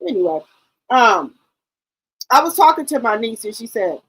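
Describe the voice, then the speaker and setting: Relaxed woman hosting a live stream. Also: fairly high pitch, normal speed, long pauses, slightly rough, dry recording, poor audio. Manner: greets viewers one by one with repeated hellos; relaxed, rambling, with many ums. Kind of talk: casual live-stream chat.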